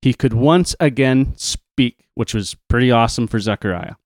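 A man retelling a Bible story, reading passages in a measured way with playful asides. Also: mid-range voice, darkish tone, no room sound, studio quality.

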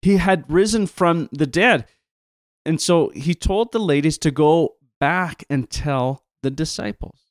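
A man's voice: on the high side, a little slow, no room sound, clean studio sound. A man co-presenting a retelling of a Bible story, talking casually with emphatic asides and restarts.

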